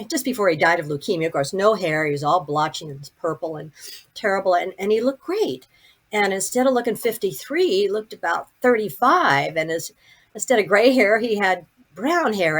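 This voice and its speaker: Husky older woman telling her story. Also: mid-range voice. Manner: vivid, animated retelling with many restarts. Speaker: podcast guest. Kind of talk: personal storytelling.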